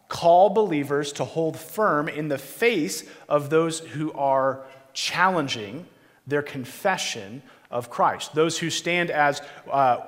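A male pastor giving an earnest, conversational sermon with a prayer, pausing on fillers and restarting phrases. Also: on the high side, fairly bright tone. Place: church. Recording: reverberant church hall.

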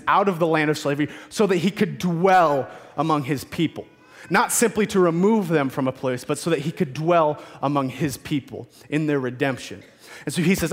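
A man's voice: a little high, moderate pace, in a large hall. A man preaching a sermon, retelling scripture in casual modern speech and voicing the figures in it.

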